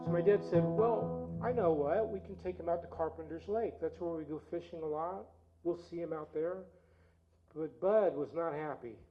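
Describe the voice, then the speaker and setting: In a church sanctuary, a man leading the service spins a folksy family tale, easygoing and conversational, with guitar songs woven in. He speaks at a moderate pace in a slightly high voice, captured in a dull, lo-fi recording where the guitar plays loudly behind him.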